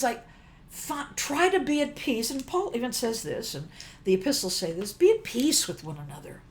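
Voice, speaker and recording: A woman's voice: medium pitch, a little hiss or hum. An older woman giving a casual devotional teaching, chatty and emphatic, often breaking off mid-phrase to restart. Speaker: worship teacher.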